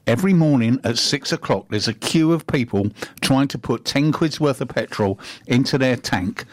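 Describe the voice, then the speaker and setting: A middle-aged man on talk radio who argues his point hard and lectures his co-host. His voice sits at an ordinary pitch and sounds close and dry. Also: animated, normal speed, no echo. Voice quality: emphatic, argumentative, lecturing. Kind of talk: opinionated radio chat.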